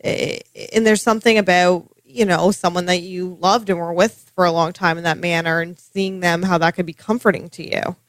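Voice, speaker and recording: A woman's voice: on the low side, steady tone, moderate pace, hardly any pauses, no echo. A woman co-hosting a podcast in casual chat, frank and chatty, swearing freely. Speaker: podcast co-host.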